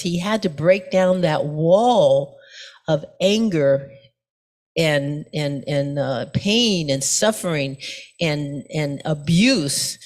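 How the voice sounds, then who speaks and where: A middle-aged woman pastor giving a sermon in a conversational storytelling way, full of asides and fillers. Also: on the low side.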